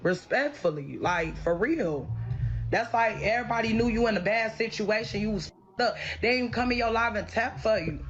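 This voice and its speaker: A woman's voice: fairly high pitch, expressive, moderate pace. A woman livestreaming to her viewers, talking in an emotional, rambling, pleading way. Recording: muffled livestream audio with music.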